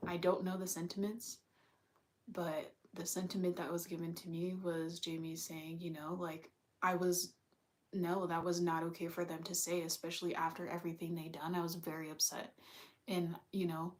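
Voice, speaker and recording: Young woman, fairly low voice, casual rambling vlog talk, lots of "like", sighs. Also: little pitch movement, normal speed. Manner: rambling, heavy use of "like", swears, sighs.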